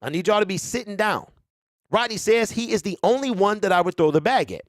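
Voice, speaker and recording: Animated Detroit man hosting a fan stream. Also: sits high, fairly quick, no room sound, clean studio sound. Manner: animated, hypes up viewers, keeps checking in with "okay?". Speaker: sports show host. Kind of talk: casual fan commentary livestream.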